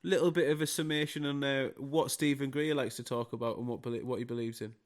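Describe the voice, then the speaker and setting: A man's voice: medium pitch, steady tone, quick pace. A man, co-hosting a podcast with teasing, sweary banter. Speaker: podcast co-host. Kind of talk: casual chat.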